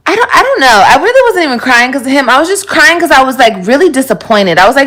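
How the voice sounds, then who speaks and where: A woman's voice: on the high side, big pitch swings, quick pace, hardly any pauses, bright, forceful tone. A young adult woman vlogging casually and candidly, rambling and swearing about her relationship. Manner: candid, profane, rambling with laughs. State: pregnant. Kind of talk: casual confessional vlog.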